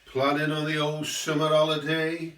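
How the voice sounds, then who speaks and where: A man's voice: fairly high pitch, completely flat delivery, moderate pace, a bit bright. A man giving a rambling satirical political monologue, full of tag questions. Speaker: host. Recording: roomy, mic at a distance.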